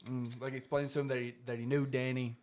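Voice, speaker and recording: A young man co-hosting a casual podcast, retelling a show's plot in loose, rambling fashion. He laughs often and swears freely. His voice sits at an ordinary middle pitch. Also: flat delivery, fast talker, darkish tone. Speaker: podcast co-host. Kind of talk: casual chat, recapping an episode.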